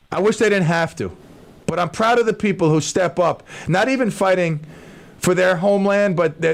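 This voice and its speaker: A man's voice: high-pitched, creaky, fairly bright tone. A man hosting a talk radio show, rambling in a casual monologue with stammers, restarts and jokes.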